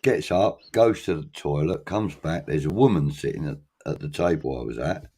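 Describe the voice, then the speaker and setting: A man's voice: very deep voice, normal speed, mellow, breathy edge. A man, middle-aged, telling a long story in casual chat, acting out voices and swearing freely.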